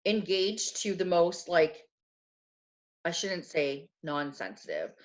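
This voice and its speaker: A woman co-hosting a podcast, chatting casually and telling animated stories about her life. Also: on the low side, slow pace. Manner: chatty, animated storytelling with acted quotes. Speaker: podcast co-host. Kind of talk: casual chat.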